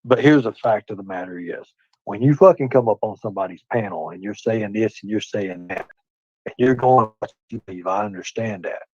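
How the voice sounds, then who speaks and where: A man's voice: fairly low pitch, fairly quick, darkish tone, no echo, dull audio. A man delivering a repetitive, profane, lecturing rant in a clip played on a livestream.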